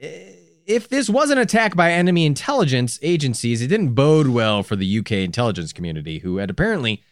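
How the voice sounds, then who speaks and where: A man co-hosting a casual true-crime podcast, his pitch rising and falling in an animated way as he tells the story. He breaks off for wry, profane asides. The sound is dry and close. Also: fast talker, hardly any pauses, no echo. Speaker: podcast co-host.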